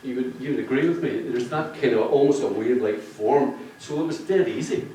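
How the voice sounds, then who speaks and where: At a book launch in a function room, a man who did the book's cover art gives an audience a jokey, rambling speech and laughs at his own jokes. His medium-pitched voice is warm and a little fast, captured by a distant mic in an echoey room with a little hiss or hum.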